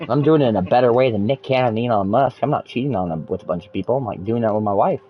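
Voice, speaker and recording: A man's voice: medium pitch, very fast, highs cut off, soft background music. A man in casual chat, telling long rambling stories full of swearing. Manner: rambling, profane storytelling.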